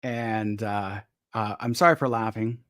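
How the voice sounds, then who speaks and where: A man's voice: fairly low pitch, steady tone, unhurried, fairly bright tone, no echo, studio quality. A man hosting a casual live chat, polite and hesitant, restarting his sentences often. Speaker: host.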